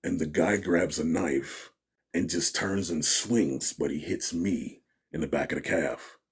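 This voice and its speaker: A man's voice: sits low, unhurried, husky. A man giving an interview, telling a story in a casual way and acting out what people said. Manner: animated storyteller, acts out quotes, laughs often. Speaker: interview guest.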